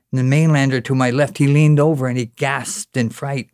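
A man with a Newfoundland accent recites a rhyming spoken-word tale, his lines rising and exclaiming with rhythm. His voice sits at an ordinary middle pitch. The sound is close and dry, with no room around it. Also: fairly even intonation, moderate pace, a little mellow, smooth, no echo. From Newfoundland, Canada. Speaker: storyteller.

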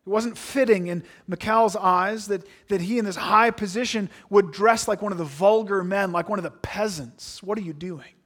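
A man preaching a sermon, reading scripture aloud and then explaining it earnestly, sometimes dropping to a hushed aside. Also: high-pitched, moderate pace, few pauses.

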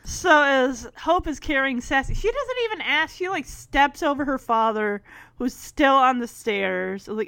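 A woman with a fairly high voice talks through a film in casual commentary, giggling between lines and retelling scenes with lively enthusiasm. Her voice sounds close and dry, with no room around it. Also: measured pace, no room sound. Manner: giggly, animated retelling with frequent laughter. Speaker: movie recap commentator.

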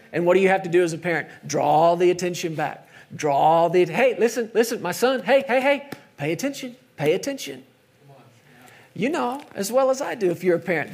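A middle-aged man preaching a sermon in a conversational way, sometimes dropping to soft, emphatic tones. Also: sits high, vocal fry. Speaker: pastor.

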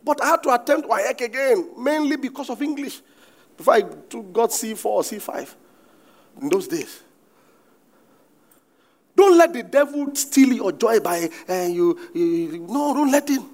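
Animated Nigerian pastor preaching. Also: male voice, extremely high pitch, measured pace, pauses often. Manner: animated preaching with bursts of shouting and laughter. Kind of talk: sermon.

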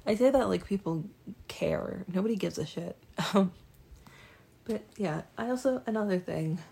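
A woman's voice: medium pitch, animated, moderate pace, warm tone. A young woman talking casually to the camera as a vlogger, rambling and self-deprecating with lots of ums and restarts. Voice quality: raspy, creaky. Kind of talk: casual monologue.

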